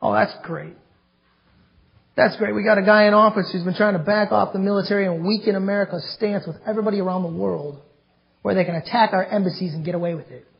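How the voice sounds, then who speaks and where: A male pastor preaching a fiery sermon, reading scripture slowly and then ranting and getting loud. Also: high voice, steady tone, vocal fry. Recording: dull lo-fi sermon recording.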